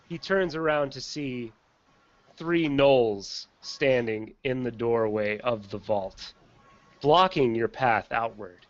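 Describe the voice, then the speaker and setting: A man narrating a tabletop game as game master, in a relaxed, chatty way with frequent ums. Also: medium pitch, slow, no room sound. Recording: slightly dull lo-fi recording.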